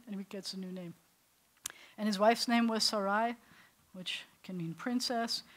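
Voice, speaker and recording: A woman rabbi teaching a class, telling the story in an animated, conversational way. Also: medium pitch. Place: synagogue classroom.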